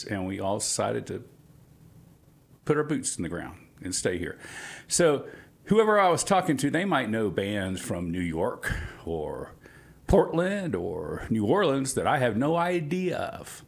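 A man's voice: medium pitch, sing-song, normal speed, creaky, husky. A man from Atlanta, hosting a community radio music show in a rambling, chatty way. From Atlanta, Georgia, US. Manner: rambling, chatty, self-amused. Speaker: radio DJ host. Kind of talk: casual radio chat.

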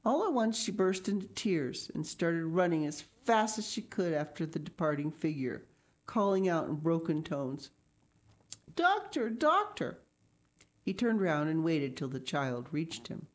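Low-voiced woman reading a storybook aloud. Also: a little mellow. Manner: reads slowly, stops to comment and cough. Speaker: reader. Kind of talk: reading a children's book aloud with asides.

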